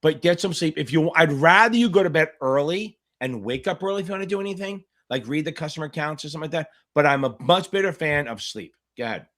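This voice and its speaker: Expressive and a bit bright, this middle-aged man's voice sits a little high. On a live Q&A stream he coaches people for a finance exam, speaking bluntly in quick, profanity-laced rants.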